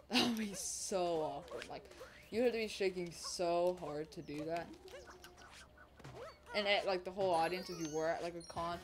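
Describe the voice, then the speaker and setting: A woman with a lowish voice talks a video game run out loud, rambling and full of fillers, now and then yelping at a mistake. Clear game music plays loudly under her. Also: moderate pace, long pauses. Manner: rambling, filler-heavy, excitable outbursts. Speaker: gaming channel host. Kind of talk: casual gameplay commentary.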